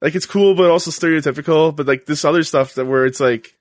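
A man chatting casually while watching wrestling, relaxed and hesitant with many fillers. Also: fairly high pitch, quick pace, dry recording, clean studio sound. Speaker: co-commentator.

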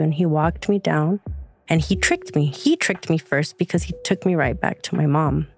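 A woman's voice: sits low, moderate pace, soft background music. A woman, reflecting on her past in an emotional personal story, close to tears at times. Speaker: guest, younger sister.

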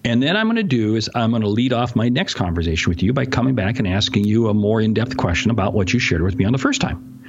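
A man speaking as a sales expert guest in a podcast interview, ranting in an animated way and often interrupting himself. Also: lowish voice, fast talker, muffled recording, crowd noise.

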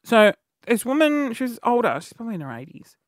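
A man's voice: very high-pitched, fast, dry recording, clean studio sound. Rambling man telling stories. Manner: rambling, animated storytelling with lots of fillers. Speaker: podcast host. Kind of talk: comedic monologue. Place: studio.

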